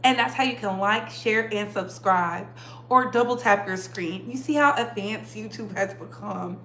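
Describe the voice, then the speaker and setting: A woman's voice: medium pitch, measured pace, fairly bright tone, a little hiss or hum. A woman hosting a casual live-stream gossip chat, chatty and laughing often as she greets viewers by name. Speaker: livestream host. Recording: echoey room.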